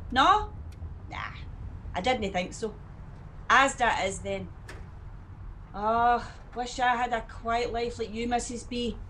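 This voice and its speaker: A high-pitched Scottish woman taxi driver, slow and drawn-out as she teases her passengers in a comic audio drama. There is a faint layer of noise behind her. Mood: teasing. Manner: teasing, laughing, loud.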